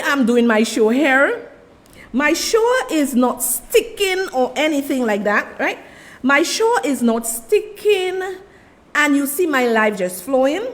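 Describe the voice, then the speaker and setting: A woman with a Saint Lucian accent hosting a political talk show, delivering impassioned commentary and talking straight to her audience. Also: high voice. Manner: impassioned, repeats "let me tell you", addresses the audience as "people".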